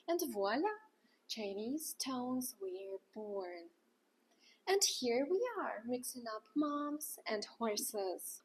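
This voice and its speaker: A woman teaching in a scripted lesson, acting out each sound with exaggerated pitch. She speaks slowly, and her breathy voice sits on the higher side. Her intonation swings widely. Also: animated, a little mellow. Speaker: language teacher.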